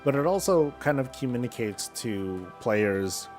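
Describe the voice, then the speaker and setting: A man's voice: mid-range voice, animated, measured pace, darkish tone. A man streaming a video game, chatting loosely with viewers and answering their questions while he plays. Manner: rambling, answers chat between in-game moves. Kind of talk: casual live-stream chat while gaming. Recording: faint background music.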